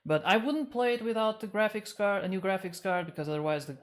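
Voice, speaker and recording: A woman's voice: medium pitch, quick pace. A woman chatting casually on a live stream as a cosplay streamer, flustered and a little out of breath, with many stumbling restarts.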